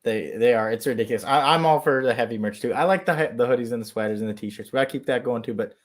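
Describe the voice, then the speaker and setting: A man in a casual podcast chat, agreeable and quick, often restarting his words. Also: mid-range voice.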